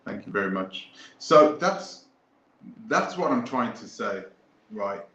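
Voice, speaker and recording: This live stream host is a man whose voice sits low and a bit bright; he's very animated yet unhurried, looping back to repeat his points in loose, casual talk. His audio has a bare-room echo and a slight muffle.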